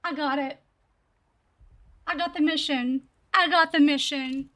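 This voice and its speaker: A young woman live-streaming a game, chatting to viewers and talking excitedly, often laughing. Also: sits high, unhurried. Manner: excited, laughing, breathless with joy. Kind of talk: live-streamed gameplay chat.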